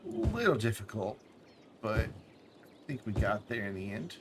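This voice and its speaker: A man streaming a city-building game, thinking aloud in relaxed commentary with small asides. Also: on the low side, a little slow, background noise.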